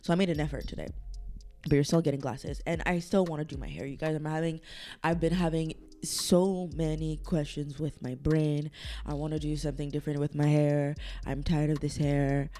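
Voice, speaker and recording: A woman's voice: steady tone, moderate pace, warm tone. A young woman hosting her own podcast, chatting casually and emotionally, teary from crying, rambling and laughing. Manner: emotional, rambling, laughing, breaks into high squeals. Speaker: podcast host. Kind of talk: casual solo podcast chat. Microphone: camera set-up, seen on video.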